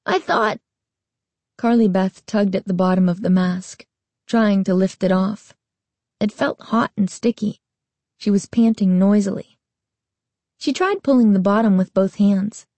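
A woman narrating a storybook aloud with a slow, even reading. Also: medium pitch, no echo.

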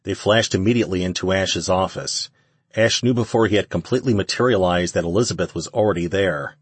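Fairly quickly but evenly, a man narrates an audiobook script in a very deep, husky voice. The sound is close-miked and dry, with no echo.

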